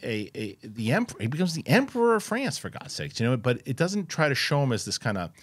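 Very animated and quick, this co-host has a mid-range voice with a breathy edge, recorded dry. He discusses a movie in a casual, rambling way, full of restarts and occasional swearing.

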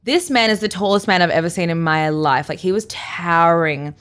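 A young Australian woman co-hosting a podcast, telling a story in casual chat and acting out quotes with big leaps in pitch and frequent laughs. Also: a little fast, clear, resonant tone. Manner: animated, acts out quotes with big jumps in pitch, laughs often. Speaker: podcast co-host.

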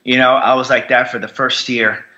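A man's voice: medium pitch, little pitch movement, normal speed, sharp tone, dull audio. A man who served in war, telling his recovery story bluntly, swearing constantly and repeating himself for emphasis. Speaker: military veteran guest. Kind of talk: candid conversational storytelling.

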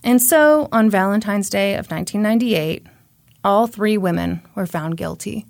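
A woman's voice: mid-range voice, normal speed, creaky, no echo, clean studio sound. A woman hosting a podcast, telling a true crime story in a conversational way with wry asides. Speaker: podcast host.

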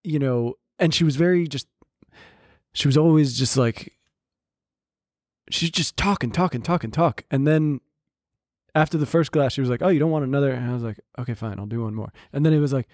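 A man's voice: mid-range voice, a little fast, long pauses, a little mellow, no echo, clean studio sound. A man chatting casually, telling a dating story with lots of quoted dialogue and laughs. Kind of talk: casual podcast chat.

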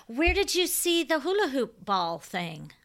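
Bright, teasing woman co-host. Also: high-pitched, big pitch swings, unhurried. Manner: enthusiastic and teasing. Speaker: podcast co-host. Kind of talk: casual chat.

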